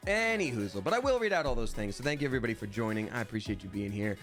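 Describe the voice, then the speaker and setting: A man's voice: medium pitch, lively intonation, fast, a bit bright, soft background music. A man streaming live, chatting casually in a playful, rambling way and reading viewers' names aloud. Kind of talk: casual livestream chat.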